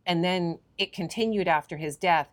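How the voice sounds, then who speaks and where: A woman's voice: lowish voice, normal speed. A woman co-hosting a podcast, explaining history ideas in a thoughtful, expansive way. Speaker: podcast co-host. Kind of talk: casual conversation on ancient history.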